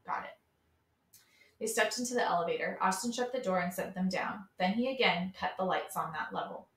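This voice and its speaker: A woman reading a novel aloud in a steady storybook manner. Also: medium pitch, a little fast. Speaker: read-aloud reader. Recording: roomy, from a distance.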